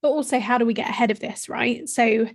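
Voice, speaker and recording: A woman's voice: on the high side, breathy edge. A woman co-hosting a podcast, out of breath, chatting eagerly and building on her partner's points. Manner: enthusiastic, quick to agree and build on points. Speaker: podcast co-host. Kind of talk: casual discussion.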